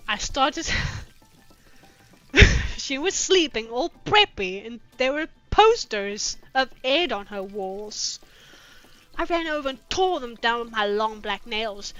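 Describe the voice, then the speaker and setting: A young woman streamer doing a comic dramatic reading of fanfiction, with sarcastic, profane, deadpan asides into a streaming mic. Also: a little high. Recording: dull lo-fi with music behind.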